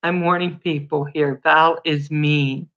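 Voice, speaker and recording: A woman's voice: low-pitched, steady tone, slow pace, fairly bright tone, lo-fi sound. Chatty woman greeting livestream viewers. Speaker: livestream host. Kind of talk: casual livestream chat.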